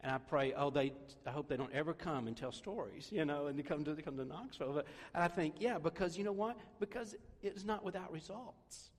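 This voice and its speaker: A man preaches in a relaxed, conversational way, dropping self-deprecating jokes between his points. His voice sits a little high for a man. The sound carries a long reverb, as in a church hall. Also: fairly quick, hardly any pauses. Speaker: pastor. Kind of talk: sermon.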